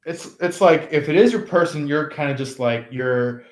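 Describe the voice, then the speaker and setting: A man giving a casual tarot reading, rambling and halting with many fillers. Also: fairly high pitch. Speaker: tarot reader. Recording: roomy echo.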